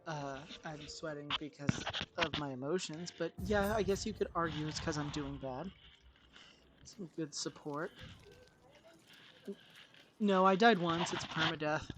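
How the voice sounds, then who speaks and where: Background noise runs under this clip of a man streaming a video game from his home room. His voice is on the high side, and he mocks himself expressively while addressing chat.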